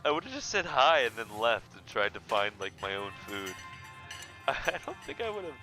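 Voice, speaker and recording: A man's voice: mid-range voice, big pitch swings, moderate pace, sharp tone, soft background music. A young man reading a story game aloud and joking about his choices, in a goofy, self-mocking way. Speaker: let's play host.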